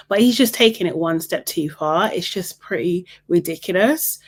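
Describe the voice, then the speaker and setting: A woman hosting a casual reality TV recap, opinionated and exasperated, her voice leaping up high when she is incredulous. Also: expressive, moderate pace, hardly any pauses.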